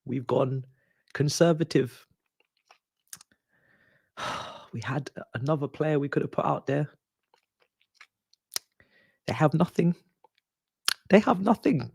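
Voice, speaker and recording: A man's voice: on the high side, slow, gravelly, pauses often, a little mellow, husky, no room sound, clean studio sound. A man hosting a live football watch-along, ranting in frustration and dropping into muttered asides. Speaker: live stream host.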